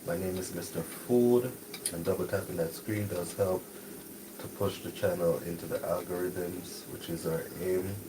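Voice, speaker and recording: A man hosting a live cooking stream, talking softly and casually to viewers while he cooks breakfast. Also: sits low, normal speed, background noise. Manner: talks softly, relaxed and chatty. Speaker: cooking channel host. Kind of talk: soft-spoken live cooking stream chat. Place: home kitchen with cooking noise behind.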